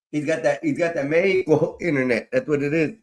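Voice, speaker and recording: A man's voice: a little high, normal speed, a little mellow. A man hosting a live call-in stream, talking loosely in casual slang. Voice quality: loose, laid-back talk with street slang. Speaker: stream host.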